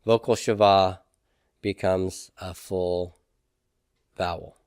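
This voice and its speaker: A man with a low-sitting, steady, slightly dark and clean voice teaches a grammar lesson slowly in a classroom lecture. He explains step by step, often checking in with "okay?" and "right?", and the recording is dry with a clean studio sound.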